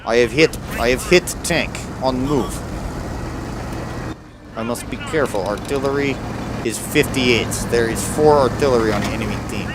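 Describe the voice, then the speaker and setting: A man voicing a stern, patriotic male Russian tank commander with a mock Russian accent, speaking in clipped, deadpan broken English over a noisy background. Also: medium pitch, normal speed, lightly acted. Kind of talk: in-character game commentary.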